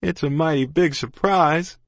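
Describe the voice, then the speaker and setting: A man's voice: a little high, a little slow, no room sound, voice pushed up. A man voicing a lanky, friendly country boy who speaks in a plain rural dialect. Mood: gloomy.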